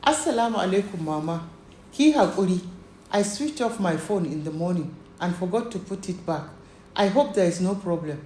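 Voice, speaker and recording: Steady heiress, measured and icy, put on by a woman narrator; room echo. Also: fairly low pitch, slight background noise, lightly acted. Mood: apologetic. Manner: firm, measured, cool. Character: wealthy young Nigerian woman, calm and firm.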